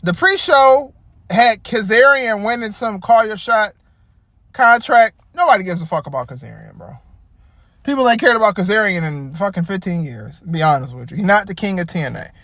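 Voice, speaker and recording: Profane high-voiced man ranting. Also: moderate pace, dry recording, clean studio sound. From Detroit area. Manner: profane, rambling, animated. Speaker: wrestling commentator. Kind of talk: casual rant.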